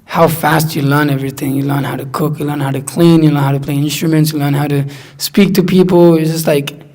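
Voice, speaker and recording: A young man in casual conversation, telling animated stories and acting out his friends' voices. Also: fairly high pitch, fairly quick.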